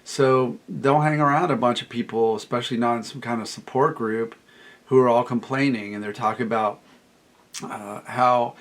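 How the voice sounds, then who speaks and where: A man's voice: mid-range voice, steady tone, normal speed. A middle-aged man talking as a recovery coach, emphatic and repetitive, quoting clients in a raised voice. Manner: emphatic, repeats phrases, quotes clients in a raised voice. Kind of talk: solo talk to camera.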